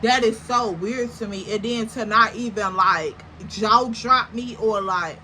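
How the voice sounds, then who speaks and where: A young woman telling a story in a casual, animated, slangy way, full of exaggerated comparisons. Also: mid-range voice, unhurried, hardly any pauses, slight background noise, poor audio. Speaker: storytime vlogger.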